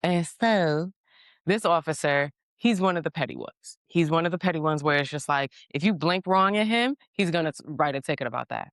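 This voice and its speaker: Low-voiced, blunt, profane woman host. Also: brisk, dry recording, studio quality. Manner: blunt, profane, animated storytelling. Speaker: podcast host. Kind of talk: casual storytelling monologue.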